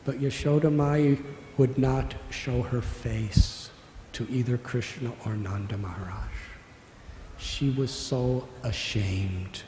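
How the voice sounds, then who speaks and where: Slow, mellow older male storyteller. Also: medium pitch, a little hiss or hum. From United States. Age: 60s. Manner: slow, tender narration that voices the story's characters. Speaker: monk giving a spiritual discourse. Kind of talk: devotional storytelling sermon. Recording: echoey hall with faint ambience.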